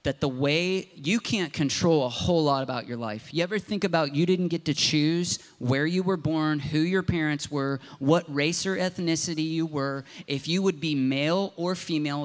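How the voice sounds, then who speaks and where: A man from Southern Ohio, a pastor preaching a sermon in an impassioned, conversational storytelling way. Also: a little high.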